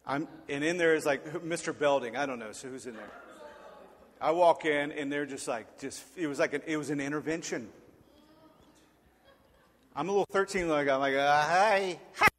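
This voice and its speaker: A man in his forties preaching with a lively, joking storytelling delivery that slips into acted voices. His voice sits a bit higher than most men's, and a long reverb rings around him in a large hall. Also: normal speed, long pauses. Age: 40s. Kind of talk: storytelling sermon.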